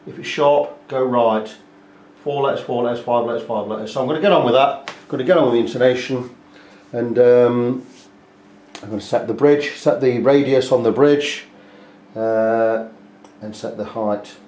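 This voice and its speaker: A man's voice: medium pitch, normal speed, darkish tone. A man, a guitar repair technician chatting step by step as he works on an instrument at his bench. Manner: chatty, explains step by step, talks while working. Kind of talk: hands-on repair walkthrough. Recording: echoey workshop room.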